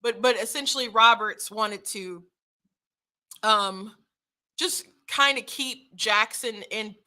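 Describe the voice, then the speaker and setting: A young woman with a bright, slightly high voice hosts a political commentary show. She talks frankly and quickly, often restarting her sentences and breaking into short laughs. Her tone stays casual and conversational.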